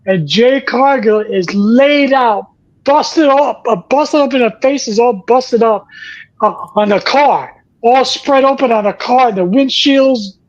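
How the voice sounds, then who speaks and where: A man's voice: very high-pitched, slow, highs cut off. A man hosting a casual chat, telling stories in a rambling way with many restarts. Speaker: podcast host.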